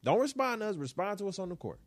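A man's voice: high voice, big pitch swings, fast, dry recording. A man hosting a basketball talk show, ranting emphatically and repeating lines for effect, recorded close in a small room. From New York. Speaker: sports talk show host. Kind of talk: animated basketball commentary.

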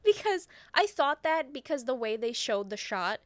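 A woman co-hosting a podcast, recapping a film in casual, animated and profane storytelling. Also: sits high, moderate pace, dry recording, studio quality. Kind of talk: casual chat.

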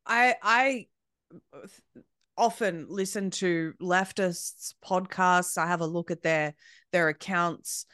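This podcast conversation features a female media founder from Australia as the guest, talking with scorn and emphasis and frequently restarting sentences. She sounds low-ish, slow, pushed and bright, with a clean tone captured in a clean studio with no room sound.

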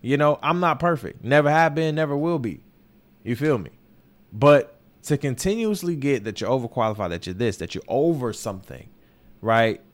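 A medium-pitched young man speaks at a moderate pace with lively intonation as he hosts his New York podcast. He gets candid and emotional in a personal monologue, swearing often and doubling back on his words.

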